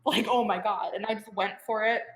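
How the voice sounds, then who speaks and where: A woman's voice: medium pitch, brisk, a crowd in the background. Chatty young woman in a roomy room. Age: young adult. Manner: chatty, full of "like" fillers, animated storytelling. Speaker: guest. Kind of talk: casual podcast interview. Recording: roomy echo.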